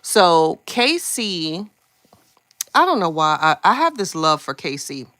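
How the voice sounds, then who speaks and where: Low-voiced chatty gossip host, bright tone. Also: female voice, sing-song, slow pace, no echo. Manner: chatty, candid, gets heated and swears. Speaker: live stream host. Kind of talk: casual gossip chat to live viewers.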